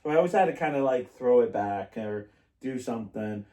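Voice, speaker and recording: A podcast host with a warm, mid-range voice and lively intonation talks a little fast, telling rambling stories in casual chat and laughing often. The room is echoey and the mic sits at a distance.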